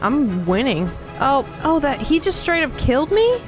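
A woman's voice: sits high, big pitch swings, moderate pace, over music, low-quality recording. A woman playing a video game with friends, joking and muttering reactions as she plays. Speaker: player in a gaming race. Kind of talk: casual gameplay chat.

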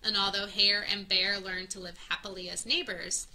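A woman's voice: mid-range voice, fairly even intonation, normal speed, hardly any pauses, pushed and bright, a little hiss or hum, poor audio. A woman reading a children's picture book aloud, stopping to add friendly teaching asides. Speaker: children's story reader.

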